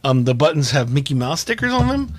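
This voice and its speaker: A man's voice: a little high, sing-song, fairly quick. A young man hosting a casual podcast over a video call, telling stories with lots of fillers and restarts. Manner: rambling storyteller, many fillers and restarts. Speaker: podcast host.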